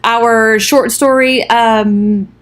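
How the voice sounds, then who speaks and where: A college English instructor, a woman with a somewhat high voice, records a casual overview of the week's module. She talks in an informal, chatty way, with fillers and offhand asides. The sound comes through a computer mic as she records her screen. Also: steady tone, drawn-out words.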